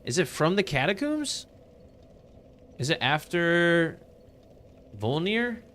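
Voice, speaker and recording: A man with a slightly high, fairly bright voice speaks slowly but very animatedly while streaming a game. He's laid-back in casual chat with viewers, greeting them with upbeat enthusiasm as he plays.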